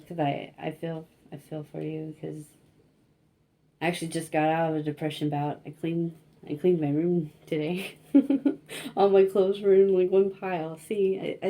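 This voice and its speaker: Soft, mellow-voiced woman reading tarot. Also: deep voice, fairly even intonation, moderate pace. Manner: rambling and self-conscious, often laughing, many likes and you-knows. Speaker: tarot reader. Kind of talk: casual tarot reading to camera.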